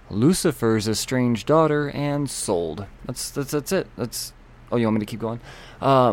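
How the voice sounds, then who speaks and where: A man hosting a comics podcast in a casual, rambling way, joking with himself and restarting lines. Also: on the low side. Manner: rambling, self-amused, with restarts. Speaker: podcast host. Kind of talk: casual podcast chat and ad reads.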